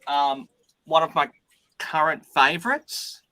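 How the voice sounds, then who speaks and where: Male co-host, bright tone, dry close sound, relaxed. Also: on the high side, slow, dry recording. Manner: relaxed, hesitant. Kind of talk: casual chat.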